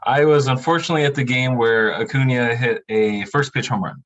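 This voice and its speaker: A man guest on a sports podcast, talking in a relaxed, wry way with lots of fillers. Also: mid-range voice, fairly quick, lo-fi sound. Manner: laid-back, wry, rambling with many fillers. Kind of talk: casual podcast chat.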